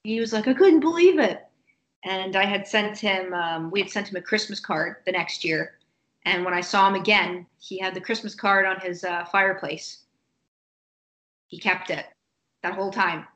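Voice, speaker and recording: A woman telling a personal story in a casual interview, animated and acting out other people's lines. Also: on the low side, normal speed, rough recording. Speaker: guest.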